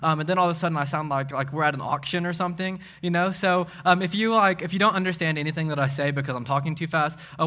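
Excitable young preacher, bright voice. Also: male voice, fairly high pitch. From Tennessee. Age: young adult. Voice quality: speech impediment. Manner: excitable, fast, self-deprecating. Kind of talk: casual sermon with jokes.

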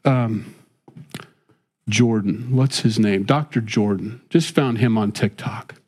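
A man's voice: on the low side, takes it slowly, a little mellow, slightly rough. A middle-aged man talking casually and earnestly, rambling with many restarts and drifting into preaching about faith. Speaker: father and faith-based talk host.

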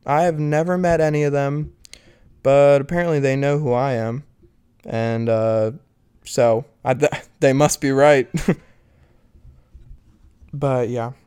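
A man's voice: mid-range voice, a little mellow, smooth, dry recording. A young man talking casually to his viewers, candid and rambling, laughing often and swearing as he vents. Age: young adult. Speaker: vlogger. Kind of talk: casual talk to camera.

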